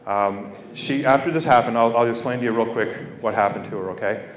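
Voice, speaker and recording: A man's voice: mid-range voice, brisk. A middle-aged man from Canada giving a heartfelt public speech to students, repeating phrases for weight. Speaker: guest speaker. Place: school hall or gym. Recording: echoey hall from far off.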